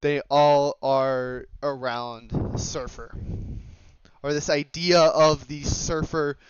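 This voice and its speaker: Young male student presenter, slightly high, hesitant and full of fillers. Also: steady tone, takes it slowly, slight background noise. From Oregon, USA. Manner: hesitant, many fillers and self-corrections. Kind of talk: slide presentation on dialect maps. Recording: slightly dull lo-fi mic.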